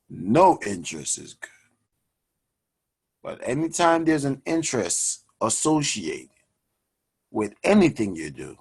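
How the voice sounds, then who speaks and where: Animated husky man hosting a money show. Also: on the low side, unhurried, pauses often. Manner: animated, preachy, addresses audience as guys. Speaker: finance show host. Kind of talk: energetic motivational money talk.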